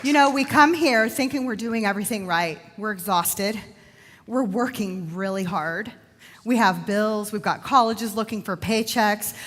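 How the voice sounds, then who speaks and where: A woman's voice: medium pitch, unhurried, fairly bright tone, slight background noise. A woman emceeing a live conference, effusive and talking straight to the crowd. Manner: bubbly, effusive, talks to the crowd. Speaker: event emcee. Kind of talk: live event hosting. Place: large conference hall. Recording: long hall reverb.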